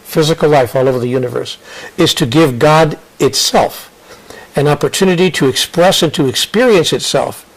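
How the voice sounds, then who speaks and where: Being interviewed, a spiritual author from the US talks thoughtfully and earnestly in a somewhat high voice. He often starts sentences over, repeats himself, and slows down to stress points, though the audio quality is poor.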